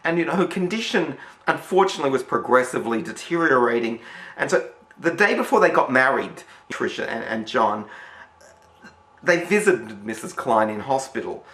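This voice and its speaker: A man's voice: medium pitch, sing-song, moderate pace, fairly bright tone. A man with an Australian accent telling a story casually, rambling with many fillers and restarts. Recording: roomy echo.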